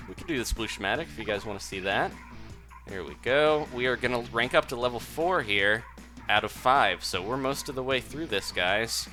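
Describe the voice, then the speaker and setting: A game streamer with a lowish, bright, forceful voice gives chatty live commentary as he plays, laughing often and reading viewer messages aloud. Game music plays behind his voice.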